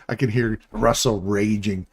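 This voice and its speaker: A man's voice: on the low side, steady tone, unhurried, husky. A middle-aged man hosting a live stream, talking viewers through trades in a chatty, rambling, jokey coaching way. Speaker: trading stream host. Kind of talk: casual live trading walkthrough.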